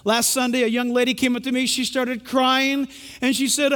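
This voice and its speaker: A male pastor delivering a sermon, his voice strikingly high for a man. He talks emphatically and addresses the congregation directly. His words ring out with the long reverb of a church sanctuary. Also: flat delivery, moderate pace, fairly bright tone.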